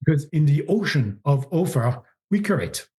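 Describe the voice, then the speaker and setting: A man's voice: fairly high pitch, sing-song, moderate pace, warm tone. A middle-aged man with a French accent, a guest in a podcast interview, talking animatedly and often repeating words as he searches for phrasing. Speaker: agency founder, guest.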